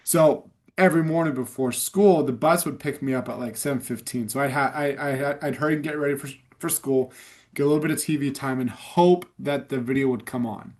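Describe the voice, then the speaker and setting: A man's voice: mid-range voice, a little mellow. Eager reminiscing man in his thirties. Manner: eager, reminiscing, quick backchannels. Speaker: podcast host. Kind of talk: casual chat.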